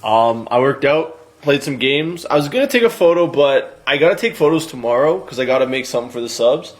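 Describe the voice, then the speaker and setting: A man's voice: mid-range voice, lively intonation, brisk. Chatty man in his twenties, live streaming. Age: 20s. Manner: chatty, reads out and thanks viewers by name. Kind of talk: casual live stream chat.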